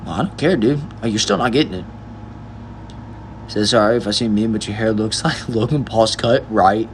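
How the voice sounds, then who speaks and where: A young man talks casually on his livestream. He reads viewers' messages aloud and answers each one in a relaxed, friendly way. A faint hum sits under his voice. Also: fairly low pitch, normal speed. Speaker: livestream host reading chat.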